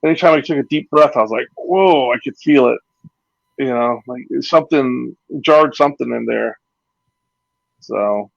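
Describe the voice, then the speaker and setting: Veteran male wrestler spinning loose anecdotes; gravelly, dry, slightly muffled recording. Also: mid-range voice, moderate pace, no room sound. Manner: rambling anecdotes with acted-out quotes and laughs. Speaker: retired pro wrestler, guest. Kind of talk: casual storytelling interview.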